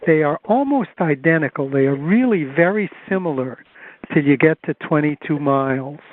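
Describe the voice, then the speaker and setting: An older man recalling his past in a measured, thoughtful way, with fillers, on a conference call. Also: a little high, animated, dry recording. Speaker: retired course measurer. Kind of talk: reminiscing on a call. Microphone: telephone. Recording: phone-line conference call.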